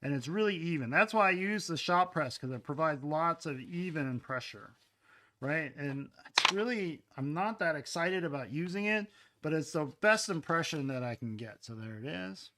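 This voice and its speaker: A man's voice: fairly high pitch, lively intonation, moderate pace, pushed and bright, a little hiss or hum. Man demonstrating pottery in a casual murmur. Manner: casual, talks while working, often murmurs and trails off. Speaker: ceramics artist demonstrating. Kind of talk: live-stream pottery demonstration. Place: pottery studio.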